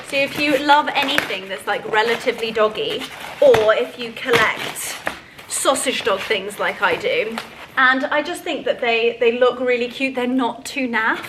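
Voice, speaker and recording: A woman vlogging from home, gushing over each thing she unboxes in a fairly high voice. Her casual chat is effusive and full of delight. Steady background noise and small clicks sit under the recording.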